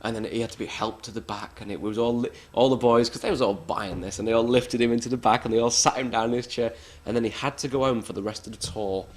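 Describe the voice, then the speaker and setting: A man's voice: mid-range voice, steady tone, fast, few pauses, darkish tone. A man, a wrestler being interviewed, telling backstage stories in a blunt, swearing, self-mocking way. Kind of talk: casual anecdotal storytelling.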